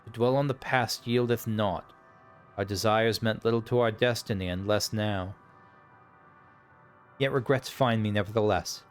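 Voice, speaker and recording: A man voicing weary, proud ghost dragons from a video game, reciting their archaic lines slowly and solemnly. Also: on the low side, soft background music, natural voice. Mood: regretful.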